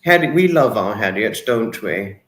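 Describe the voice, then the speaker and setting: A man's voice: fairly low pitch, lively intonation, normal speed, fairly bright tone. A man hosting a casual livestream, reading out viewer comments in an emotional, repetitive way. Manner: emotional, repetitive, dwells on words. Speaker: livestream host. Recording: echoey room.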